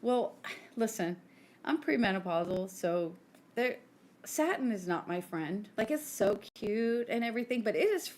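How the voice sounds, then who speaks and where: In a casual podcast conversation, a woman in her forties, one of the co-hosts, tells stories chattily with frequent "like" and acted-out quotes. Her voice is medium-pitched, animated and darkish, and a little slow.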